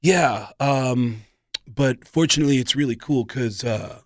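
A man impersonating a spacey, hesitant rock guitarist who mumbles softly. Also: medium pitch, a little slow, dry recording, clean studio sound, natural voice.

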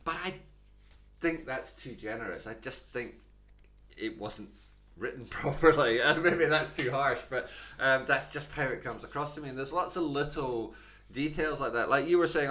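A Scottish man talks through a story on a casual podcast, pointing out its flaws and circling back with frequent restarts. His voice is bright and lively. He sounds thoughtful rather than angry. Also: medium pitch, normal speed. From Scotland. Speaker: podcast co-host.

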